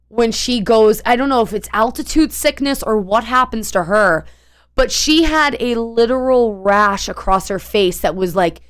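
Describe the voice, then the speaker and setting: A woman's voice: a little high, smooth. A young woman streamer telling a long story in a casual, rambling way, full of fillers and restarts.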